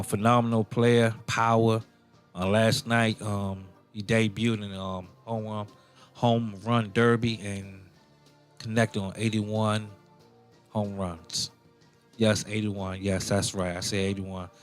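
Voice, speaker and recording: Casting: low-pitched male sports radio host, loose and rambling, faint music under the voice. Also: clean tone. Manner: rambling and playful, with many fillers and self-corrections. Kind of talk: casual sports talk.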